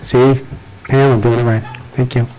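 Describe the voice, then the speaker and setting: A man's voice: medium pitch, flat delivery, moderate pace, mellow, rough recording. Jokey man chairing a board meeting. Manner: casual and jokey while running procedure. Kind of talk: chairing a public meeting, joking asides.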